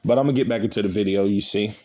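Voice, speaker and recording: A man with a somewhat low voice delivers an accusatory online sermon. He lectures his audience, breaks in with scripture readings, and keeps tagging his lines with "man" and "you see.". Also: racing, a little mellow. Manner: repeats "man" and "you see" at phrase ends; lecturing, accusatory tone toward listeners. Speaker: online preacher.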